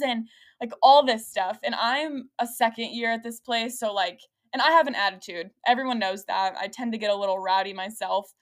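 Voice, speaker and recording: A young adult woman hosting a podcast, telling a story in a lively, rambling way with lots of fillers and frequent laughter. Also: on the high side, moderate pace. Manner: laughs often while talking. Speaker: podcast host. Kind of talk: casual podcast chat.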